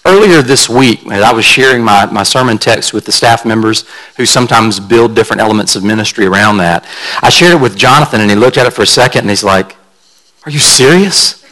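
A man's voice: on the low side, quick pace, pushed and bright, low-quality recording. A man pastor delivering a sermon in a conversational, storytelling way, carefully explaining word meanings like a teacher.

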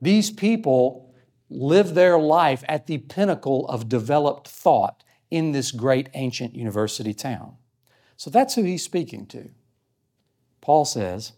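An earnest male preacher teaching from scripture, his voice sitting at an ordinary middle pitch. He explains each point patiently and reads verses aloud in a sermon style. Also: lively intonation, measured pace, warm tone. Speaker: pastor.

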